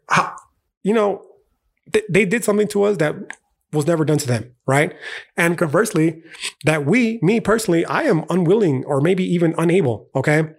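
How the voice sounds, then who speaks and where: A man's voice: a little high, vocal fry. A young man with a slightly raised voice rants on a casual podcast. He is heated and profane, and he keeps punching his points with slang and a repeated "okay". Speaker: podcast host. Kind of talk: casual philosophical rant.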